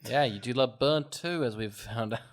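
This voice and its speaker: A man in casual chat as a podcast co-host, gushing about a film in a voice of middling pitch. He gets animated, swears freely and breaks into laughter often. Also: unhurried.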